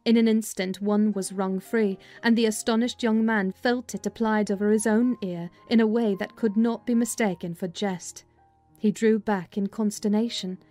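A woman narrating a dramatized audiobook of a classic novel, with a measured, expressive storytelling manner. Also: medium pitch, soft background music.

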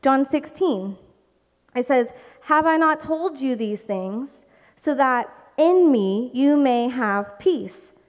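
A young woman preaching a humorous sermon to young adults, chatty and animated, often checking in with "okay?". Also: high-pitched, slow pace. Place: church hall. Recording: reverberant hall.

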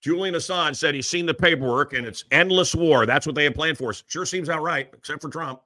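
A man hosting a live talk show from a small studio, ranting in an animated, mocking way. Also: fairly high pitch, a little fast. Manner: animated, mocking, mimics voices. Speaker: radio host. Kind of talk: ranting monologue.

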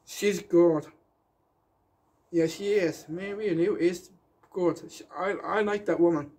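A man's voice: sits high, slow pace, warm tone. A man delivering a rambling, defiant rant in a slightly raised voice. He hammers his points and circles back to them with insistent emphasis.

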